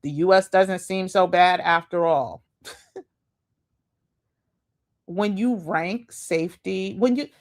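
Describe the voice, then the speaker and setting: A woman's voice: on the low side, takes it slowly, long pauses. A woman host giving casual, chatty commentary with slangy asides and laughs as she reacts to videos.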